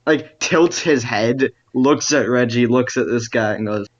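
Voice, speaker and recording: A man's voice: mid-range voice, measured pace, hardly any pauses. Joking male player, muffled sound. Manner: joking, laid-back. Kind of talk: casual tabletop play.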